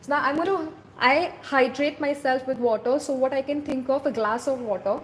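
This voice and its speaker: A woman's voice: high-pitched, moderate pace, a little hiss or hum. A woman with an Indian English accent teaching a casual step-by-step drawing lesson, often checking in with the viewer. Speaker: doodle art teacher.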